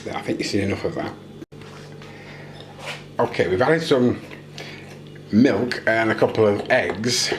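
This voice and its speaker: A man's voice: fairly low pitch, measured pace, long pauses, background noise. Jokey British man, echoey kitchen. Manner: jokey, self-deprecating. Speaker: vlogger. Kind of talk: casual cooking demonstration. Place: home kitchen.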